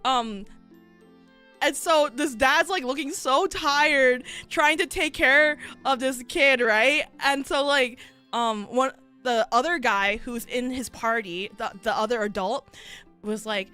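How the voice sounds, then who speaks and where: A woman with a high, bright voice tells a story in unhurried casual chat. She is animated and leans on fillers, slipping into the voices of the people she describes. Soft music plays underneath. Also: clean tone. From United States. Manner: animated, filler-heavy, acts out voices in stories. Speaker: VTuber streamer.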